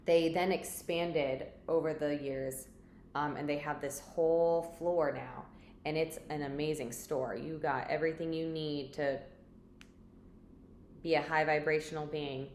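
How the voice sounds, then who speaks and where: Low-voiced chatty woman vlogger. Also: steady tone, a little slow, darkish tone. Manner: chatty and rambling, many "like" fillers. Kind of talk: casual storytelling to camera. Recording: echoey room with faint background noise.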